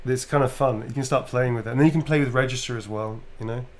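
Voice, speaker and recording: A man's voice: mid-range voice, quick pace. A British man, a voice actor, chatting casually on a livestream about voices and accents while signing autographs. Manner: relaxed, demonstrates voices, swears casually.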